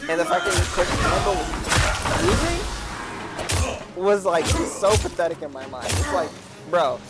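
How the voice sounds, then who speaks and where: A man streaming a game, telling a rambling story in a casual way, tagging his sentences with "like" and "right?". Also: high voice. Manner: rambling, with many "like" and "right?" tags. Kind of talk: casual storytelling while gaming.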